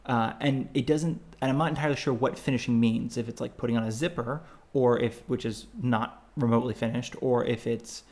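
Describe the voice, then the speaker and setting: A man's voice: medium pitch, steady tone, fairly quick, few pauses, a little mellow. A man co-hosting a podcast, chatting casually about travel, rambling with lots of fillers and restarts. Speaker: podcast co-host.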